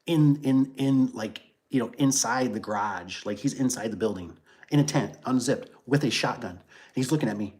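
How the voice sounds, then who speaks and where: A man's voice: mid-range voice, moderate pace, a little mellow. A man who runs a garage door business, hosting a casual livestream, rambling through stories with lots of fillers and restarts and reading viewer comments aloud. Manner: reads viewer comments aloud and riffs on them. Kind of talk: casual livestream chat and storytelling.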